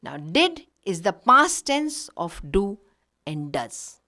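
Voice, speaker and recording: A woman's voice: mid-range voice, very animated, slow, pushed and bright. A woman teaching a recorded grammar lesson, patiently explaining with many examples. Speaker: English teacher.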